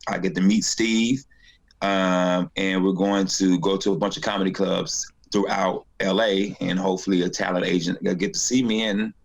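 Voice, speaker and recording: With a low pitch, vocal fry, and a moderate pace, a North Carolina comedian tells a story as a guest in a casual interview. He's animated and performs the voices of everyone involved.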